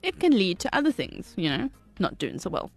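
A woman's voice: fairly low pitch, wildly swooping pitch, vocal fry, soft background music. A young South African woman co-hosting a youth radio show, chatting casually and reading out a quiz. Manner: chatty, quick asides, slows to read quiz options. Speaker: radio co-host.

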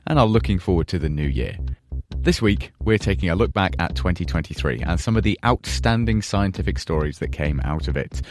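A man presenting a science podcast, reading a scripted introduction in a measured, upbeat way. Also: low voice, lively intonation, darkish tone, faint music behind. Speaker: podcast host. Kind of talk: scripted show narration.

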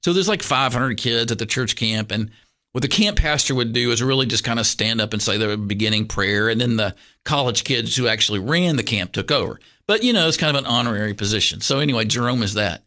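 A middle-aged man with a soft drawl and a bright, forward tone. He talks as a guest pastor in a relaxed interview. He winds through an anecdote with plenty of fillers and false starts. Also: mid-range voice, a little fast. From Kentucky, USA. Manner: rambling, animated storyteller with many fillers and restarts. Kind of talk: casual storytelling interview.

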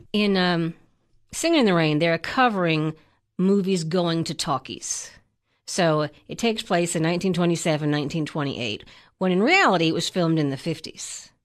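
A woman co-hosting a film review podcast, chatting in a playful way with quick asides. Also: fairly low pitch. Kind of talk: casual chat.

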